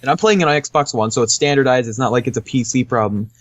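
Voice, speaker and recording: A man's voice: medium pitch, fast talker, no room sound. A man co-hosting a podcast, casually rambling through a game review with lots of fillers and easy laughs. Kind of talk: casual chat.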